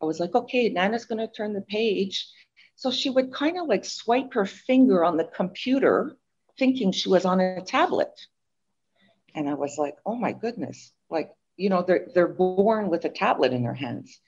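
Older woman, interview guest, chatty storyteller, husky tone, muffled sound. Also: lowish voice, normal speed. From Montreal, Canada. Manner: chatty, animated storytelling with fillers. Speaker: guest author. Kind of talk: interview chat.

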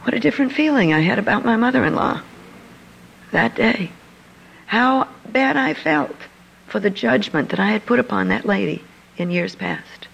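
A woman's voice: medium pitch, lively intonation, moderate pace, creaky, fairly bright tone, breathy edge, lo-fi sound. An older woman telling a personal story to an audience in a confiding manner. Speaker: speaker. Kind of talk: storytelling talk.

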